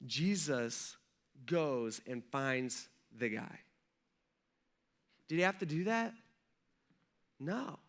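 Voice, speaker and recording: A man's voice: on the high side, lively intonation, extremely slow, long pauses, a bit bright. A male pastor preaching a casual, conversational sermon, retelling a scripture story in everyday talk. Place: church.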